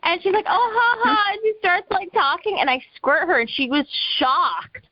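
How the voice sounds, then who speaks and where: A woman in her early twenties with a high, sing-song voice that swoops widely as she chats. She is playful and teasing and breaks into giggles. The sound is dry and close, and the audio is slightly dull. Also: animated, moderate pace, dry recording. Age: early 20s. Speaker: session participant. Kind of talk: casual chat.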